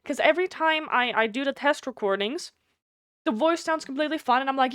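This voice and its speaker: A woman's voice: high voice, a little fast, a bit bright, dry recording, clean studio sound. A woman with a German accent, a native German speaker, chatting casually and bluntly on a live game stream, swearing freely, her voice slightly nasal.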